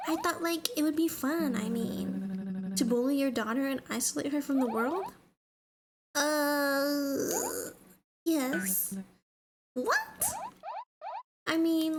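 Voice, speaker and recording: A woman's voice: high voice, very noisy. A woman voicing a careless, ditzy goddess mother in a game, airy and offhand.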